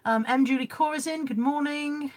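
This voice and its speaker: A woman's voice: high voice, moderate pace. A woman hosting a live stream from home on her phone, chatting with viewers, reading out their comments and rambling a little. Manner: chatty and scattered, reads out comments. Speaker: live-stream reseller host. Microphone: phone camera.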